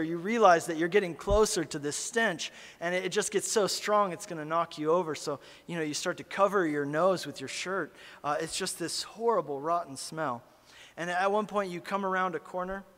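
A man preaching a sermon as a pastor, telling a story and swinging from hushed asides to loud, animated calls. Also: fairly high pitch, long reverb tail. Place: church sanctuary.

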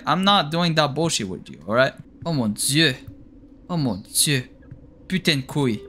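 A man with a high, bright voice that swings all over the place gives horror game commentary. He sounds jumpy and panicky, yet keeps joking and talking to himself as he plays. A faint background noise sits under the voice. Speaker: gaming streamer.

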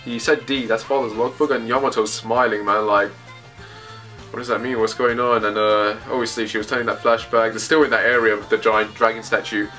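A man casually reacting to a comic chapter, thinking aloud in a rambling, excitable way as he reads it. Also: fairly low pitch, brisk, faint music behind. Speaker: manga reaction host.

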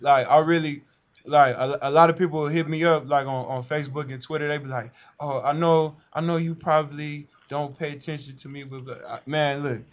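A man's voice: fairly high pitch, fairly even intonation, brisk. A man, a rapper guest on a talk show, joking around in laid-back slangy banter. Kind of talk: casual banter. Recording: dull lo-fi live stream audio.

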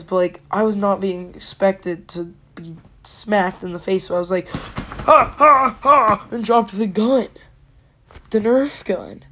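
A woman telling a rambling comic story, animated and breathless, with many repeated words, sudden drops to a whisper and siren noises. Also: medium pitch. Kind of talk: comedic improvised story time.

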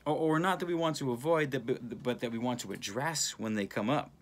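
Excitable rambling man on phone. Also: medium pitch, a little fast. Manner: animated, rambling, excitable with many restarts. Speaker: channel host. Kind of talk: casual spiritual talk filmed on phone.

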